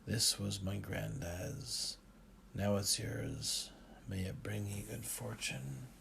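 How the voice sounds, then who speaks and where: Male narrator plays older dad: gravelly, unhurried, gentle gruffness. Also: lowish voice, a little hiss or hum, full character voice. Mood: fond. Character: older Scottish father, gruff but tender.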